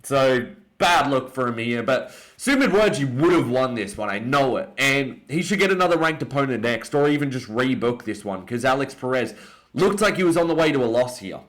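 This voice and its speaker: A young Australian man giving an opinionated, excitable casual breakdown of fights, often jumping up in pitch for emphasis. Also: brisk. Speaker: MMA commentator.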